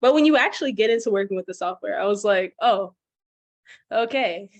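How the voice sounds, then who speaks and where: A young woman, a program graduate, chatting on a video call, rushing ahead when excited. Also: medium pitch, dry recording. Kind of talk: casual video-call conversation.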